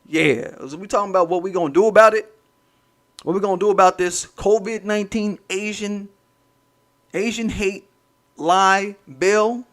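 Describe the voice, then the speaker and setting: A man with a high-pitched, slightly bright voice speaks at a normal speed in a steady tone. He's hosting a livestream, delivering a casual, profane, rambling rant while addressing his chat.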